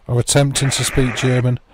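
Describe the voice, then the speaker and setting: Chatty man over a loud background hiss. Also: medium pitch. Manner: chatty, rambling, dry self-mocking humour, addresses viewers by name. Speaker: livestream host. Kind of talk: casual chat with a live chat.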